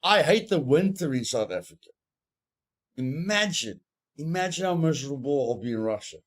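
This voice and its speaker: A man's voice: on the high side, animated, normal speed. A man streaming a survival game, talking casually, rambling and joking in a mock-serious way. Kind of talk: casual gameplay chat.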